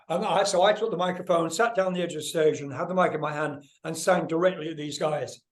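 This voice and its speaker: Brisk and a little high, this older man's voice carries his casual interview as a guest musician. He's animated, swears freely, and acts out the voices of people in his anecdotes.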